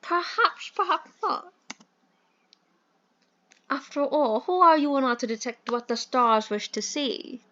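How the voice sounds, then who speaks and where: A woman voicing a fussy, flowery old-fashioned gentleman in a dating sim, with a put-on British accent and a pompous, theatrical manner. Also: high-pitched, lively intonation, a little slow, pauses often, highs cut off, full character voice.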